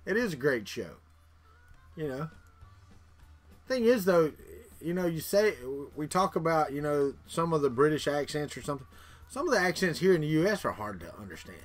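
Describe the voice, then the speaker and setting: A middle-aged Florida man with a Southern accent hosts a livestream, rambling casually with viewers, repeating words and chuckling. His voice is a little high with big pitch swings at a normal speed, and soft music plays in the background.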